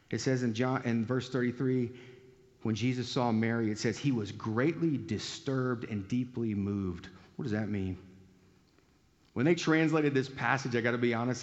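A man preaches a sermon, talking with his listeners and asking them questions, and he briefly acts out the lines he quotes. His voice is of middling pitch and sounds a little dull. A long hall reverb trails after his words. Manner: conversational preaching, rhetorical questions, acted-out quotes. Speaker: pastor.

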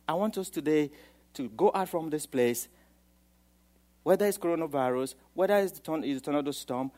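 A man preaching a sermon, swinging from quiet, low asides to loud, emphatic declarations. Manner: dramatic, swings from soft to loud, acts out quoted voices.

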